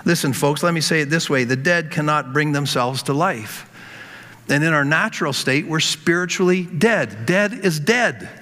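A man preaching a sermon in a voice that sits high and rings bright. He presses his points with repeated words and calls out to the congregation. A long reverb from the hall trails each phrase. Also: animated, normal speed. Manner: emphatic, repeats words, addresses congregation as folks. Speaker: pastor.

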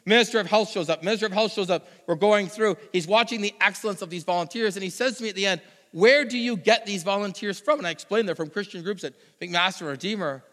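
A man preaching a sermon, telling a personal story with animated delivery and mimicking other people. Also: high-pitched, fast, few pauses. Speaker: pastor. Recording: long hall reverb.

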